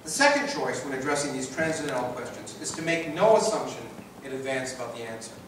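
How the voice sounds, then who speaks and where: A man's voice: mid-range voice, big pitch swings, fast talker, recorded from a distance, slight background noise. A man with a Canadian accent giving a public lecture and reading from his book, emphatic and rhetorical, with phrases built up in repetition. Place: large lecture hall. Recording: echoey hall recorded from afar.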